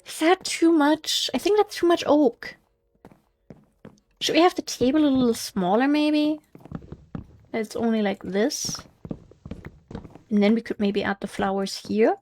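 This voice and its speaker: A woman's voice: fairly high pitch, measured pace, pauses often, a little mellow. A woman with a slight German accent, thinking aloud as she hosts a casual gameplay commentary, musing and hesitant. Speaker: let's play host.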